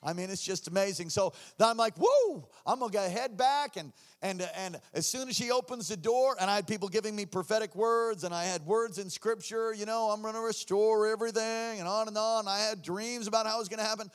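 A man preaching a sermon, telling his story with acted-out voices and shouts. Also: sits high, fairly even intonation, a little fast, hardly any pauses, smooth. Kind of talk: sermon testimony.

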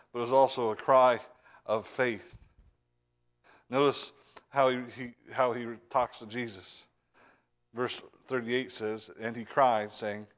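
A man preaching a sermon with fervor, repeating and restarting words, swinging between loud urgent lines and hushed ones. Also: mid-range voice.

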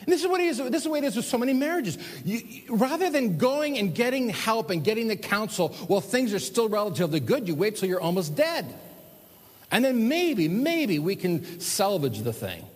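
A man preaches a sermon with animated swings between loud emphasis and hushed, slowed lines. His voice sits a bit high with a husky edge. A long reverb hangs after his words, as if in a large hall. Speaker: pastor.

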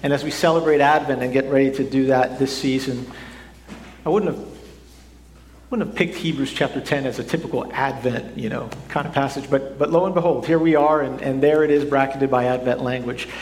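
Middle-aged pastor preaching in an echoey church. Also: male voice, medium pitch, steady tone, a little fast, a little mellow. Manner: conversational, repeats words as he restarts. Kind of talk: sermon. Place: church sanctuary. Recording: echoey hall, faint room noise.

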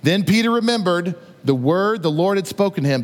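Male preacher, conversational storyteller who acts out scenes; high voice, echoing hall. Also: animated, normal speed. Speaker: pastor. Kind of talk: sermon. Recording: long reverb of a large hall.

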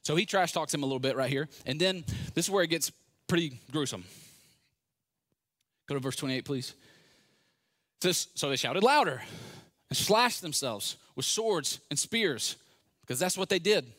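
Animated, sarcastic male preacher. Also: fairly high pitch, moderate pace, pauses often. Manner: animated, sarcastic storytelling with acted-out quotes. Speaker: pastor. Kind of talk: sermon.

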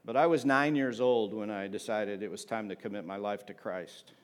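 A man's voice: lowish voice, normal speed. A man preaching a sermon in a conversational, humorous way, often asking the congregation for an amen. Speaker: pastor.

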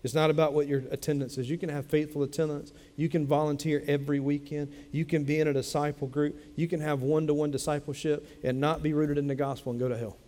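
A man's voice: fairly high pitch, level tone, fast talker, hardly any pauses, mellow, big-room sound. A man preaching a sermon as a pastor, speaking in a conversational way and repeating phrases for emphasis. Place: church sanctuary.

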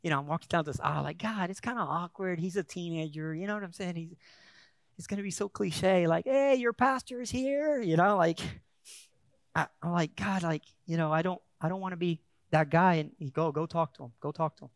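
A man's voice: on the high side, fairly even intonation, a little fast, creaky, no echo, studio quality. A male pastor preaching a sermon, telling a story in a conversational way with frequent restarts, then building to emphatic preaching. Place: church.

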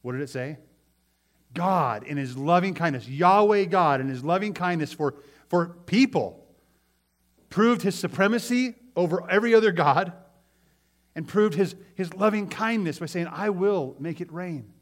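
A man's voice: sits high, normal speed. A man preaching a sermon to a congregation, retelling a scripture story with energy and acting out the voices of its characters. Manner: animated storytelling, acts out quoted voices. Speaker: pastor.

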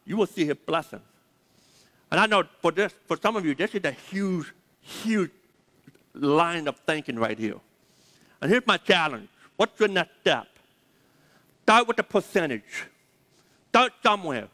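Preaching as a pastor, a man with a high, animated, bright voice speaks a little slowly, pausing often and pushing his words. He emphatically repeats key words and leads the congregation to say them aloud. A large hall's long reverb surrounds him.

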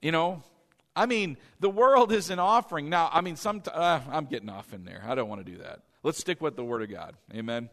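A man's voice: fairly high pitch, expressive, fairly quick, few pauses, fairly bright tone. A man preaching a sermon to his congregation as their pastor, repeating key words and firing questions back at the room. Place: church sanctuary with congregation. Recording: long reverb of a large church hall.

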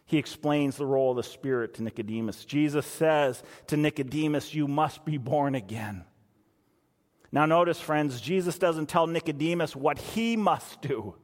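A man's voice: fairly high pitch, normal speed, in a large hall. A man preaching a sermon as pastor, emphatic and repeating phrases for stress.

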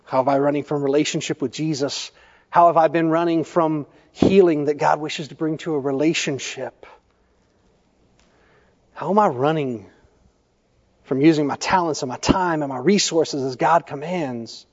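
A male pastor preaching a sermon, telling stories in a measured way and putting questions to the congregation. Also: a little high. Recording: echoey church hall, dull lo-fi sound.

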